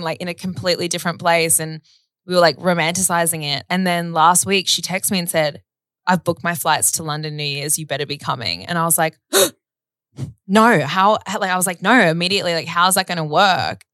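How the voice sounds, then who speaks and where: A woman co-hosts a casual podcast, telling stories in a chatty, animated way. Her voice sits fairly low, and the sound is dry and close to the mic. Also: no echo. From Australia. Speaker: podcast co-host. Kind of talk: casual chat.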